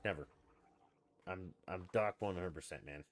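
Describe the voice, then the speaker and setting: A man's voice: low voice, normal speed, a little hiss or hum. A man chatting casually on a live game stream, rambling and swearing freely after a few drinks. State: has been drinking.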